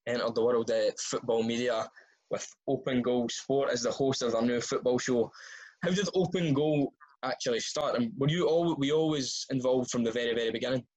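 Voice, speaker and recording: A man's voice: mid-range voice, a little fast, darkish tone, dull audio. A man interviewing a guest in an easygoing way, laughing along with him. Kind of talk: interview questions.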